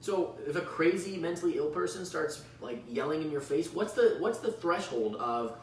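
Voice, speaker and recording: A man's voice: fairly high pitch, animated, normal speed, far from the mic. A man co-hosting a podcast, chatting casually with wry, sarcastic asides. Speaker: podcast co-host. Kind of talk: casual chat. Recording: echoey room, mic set back, faint hiss.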